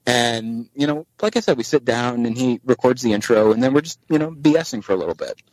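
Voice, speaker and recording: A man's voice: mid-range voice, brisk, no echo, poor audio. Chatty man telling a story, dry sound. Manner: animated anecdote teller, acts out dialogue in voices. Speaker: podcast guest. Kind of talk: casual storytelling chat.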